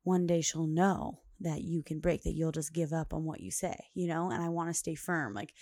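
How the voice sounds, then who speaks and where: A woman's voice: deep voice, creaky, dark tone, dry recording, clean studio sound. A young adult woman hosting a podcast on her own, rambling through a casual chat full of fillers and little laughs, recorded at home late at night. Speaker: podcast host. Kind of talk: casual solo monologue.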